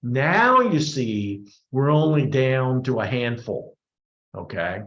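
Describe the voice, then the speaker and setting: A man's voice: mid-range voice, big pitch swings, slow pace, fairly bright tone. Male presenter fielding questions; casual, restarting phrases; echoey, dull recording. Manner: conversational, repeats words while rethinking. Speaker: workshop presenter. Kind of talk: answering audience questions. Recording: roomy, dull lo-fi sound.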